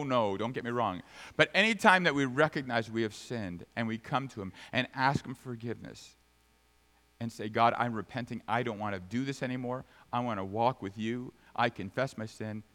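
A man preaching a sermon, swinging from sudden high, loud bursts to soft, low asides. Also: normal speed. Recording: long reverb of a large hall.

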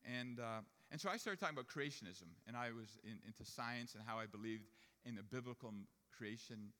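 A man's voice: mid-range voice, fairly quick, sharp tone. Man preaching in a reverberant hall. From Jewish family upbringing. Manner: storytelling, rising to emphatic preaching. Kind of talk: sermon.

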